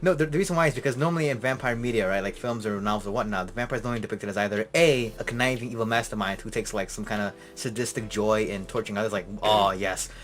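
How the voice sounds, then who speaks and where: A man's voice: fairly low pitch, very fast, few pauses, fairly bright tone. A man co-hosting a casual podcast chat, teasing with dry humor and often restarting his sentences. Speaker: podcast co-host.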